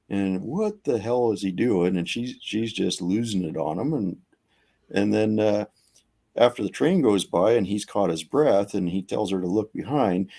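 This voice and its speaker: A low-voiced man on a casual podcast, gravelly and husky. He tells his story in a laid-back, rambling way, one clause after another. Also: a little mellow. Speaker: podcast co-host.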